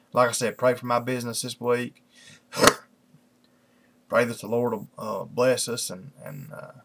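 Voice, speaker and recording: A lay preacher hosting an online Bible study chats casually at his computer before reading scripture. His voice is gravelly, mid-pitched, and a bit bright, and he rambles, leaning on fillers like "you know" and "kinda."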